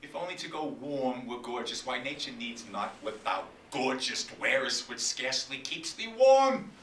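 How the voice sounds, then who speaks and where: A man performing a grief-stricken, proud old king, declaiming slowly and loudly with bursts of whispered fury in a dramatic Shakespeare recitation. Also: medium pitch, very animated, a little hiss or hum. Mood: raging. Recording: echoey room from far off.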